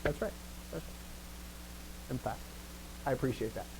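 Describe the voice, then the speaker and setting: A man's voice: a little high, animated, moderate pace, background noise. Upbeat male grammar teacher. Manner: affirms students often, joking asides. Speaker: language teacher. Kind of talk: live grammar lesson.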